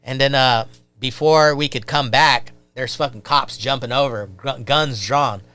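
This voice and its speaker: A man's voice: medium pitch, measured pace, pushed and bright. A man, a podcast guest, telling a rambling, casual story full of fillers and swearing.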